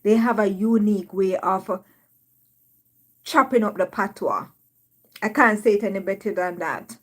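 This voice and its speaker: A woman's voice: mid-range voice, a little slow, fairly bright tone. A woman from Jamaica with a Jamaican accent, hosting a casual live stream, reading viewer comments aloud and laughing often.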